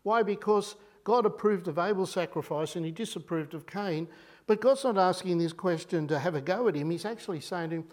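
An Australian man preaching a sermon in a conversational, animated way, full of rhetorical questions. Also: high-pitched, brisk.

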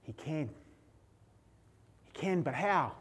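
A man preaching a sermon as pastor, emotional, moving between hushed and raised passages. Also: on the high side, lively intonation, slow pace, slightly rough.

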